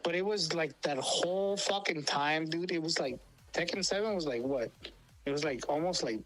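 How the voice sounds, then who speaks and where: A man's voice: on the high side, moderate pace, fairly bright tone, rough recording. A man telling rambling stories as a co-host, with heavy swearing and many fillers and restarts. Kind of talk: casual storytelling chat.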